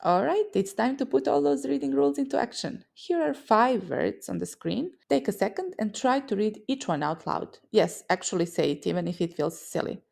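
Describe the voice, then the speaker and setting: A woman's voice: a little high, lively intonation, normal speed, vocal fry, hardly any pauses, a little mellow. A woman from a Serbian-speaking region teaching pronunciation in a scripted lesson, explaining sounds with vivid mental images. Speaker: language teacher.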